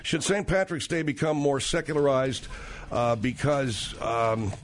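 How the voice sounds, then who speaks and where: A man hosting a talk radio call-in show, brisk and keeping the call on track. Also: medium pitch, slight background noise. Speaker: radio host.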